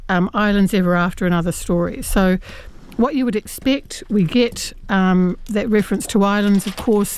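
A woman's voice: medium pitch, a little mellow, clear, resonant tone, dry recording. A woman reviewing a short story collection in an earnest, chatty way, with many fillers and restarts. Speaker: book reviewer. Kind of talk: radio book review chat.

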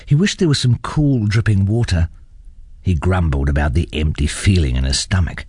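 A man reading a children's story aloud with expressive delivery. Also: sits low, moderate pace, slightly rough, no room sound. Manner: expressive, animated.

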